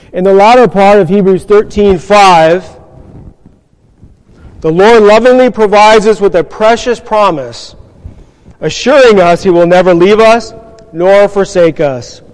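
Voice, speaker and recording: A man's voice: high-pitched, a little mellow, big-room sound. A man preaching a sermon, earnest and reading scripture, asking his listeners rhetorical questions along the way.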